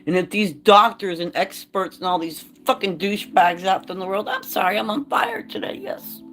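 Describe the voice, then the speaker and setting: A woman speaks straight to her camera in a candid vlog, blunt and full of swearing. Her voice sits at an ordinary pitch and carries real heat. Faint music plays underneath. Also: big pitch swings, normal speed, fairly bright tone. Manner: blunt, profane and impassioned, reads aloud then rants. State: choked up. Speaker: vlogger.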